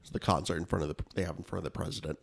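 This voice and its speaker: A man in his thirties co-hosting a casual podcast. His voice sits fairly low, and he plays up mock-conspiratorial ideas with animated leaps in pitch. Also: rapid-fire, vocal fry, slightly rough. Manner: animated, mock-conspiratorial, jumps pitch when quoting himself. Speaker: podcast co-host.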